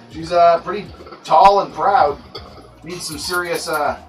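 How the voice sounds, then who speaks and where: A man's voice: high voice, lively intonation, slow pace. Laid-back man in an echoey room. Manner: laid-back, rambling with many fillers. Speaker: livestream host. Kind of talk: casual livestream chat. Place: indoor grow room. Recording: echoey room, voice far from mic, faint music.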